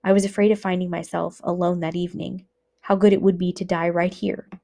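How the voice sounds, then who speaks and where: Woman reading a book aloud, lowish voice. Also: little pitch movement, creaky, warm tone. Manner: measured, earnest reading.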